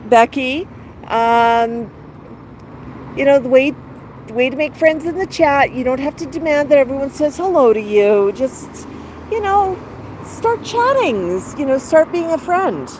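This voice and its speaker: A woman with a slightly high voice hosts a casual outdoor livestream, sliding between soft baby talk for her bird and friendly chatter with viewers. She sits on a patio, with steady traffic noise clearly audible behind her. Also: a little slow, low-quality recording. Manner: coos baby talk to the bird and reads out chat comments. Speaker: livestream host with her pet cockatoo. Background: passing cars.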